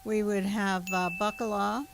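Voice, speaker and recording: A woman's voice: medium pitch, fairly even intonation, unhurried, gravelly, background noise. An older woman, the host's mother, chatting hesitantly on a radio show. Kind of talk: casual on-air chat.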